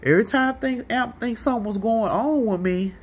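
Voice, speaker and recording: A woman's voice: a little high, fairly quick, slightly rough. A woman with a St. telling a long, rambling, profane story in a casual monologue, acting out what other people said. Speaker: vlogger.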